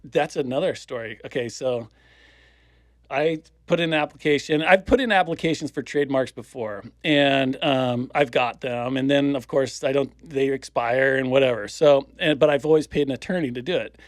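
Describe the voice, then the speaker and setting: A man's voice: medium pitch, normal speed, no echo, clean studio sound. A man in his fifties who hosts a podcast and tells stories in a loose, profane way, acting out the voices of the people in them. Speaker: podcast host. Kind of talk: casual storytelling chat.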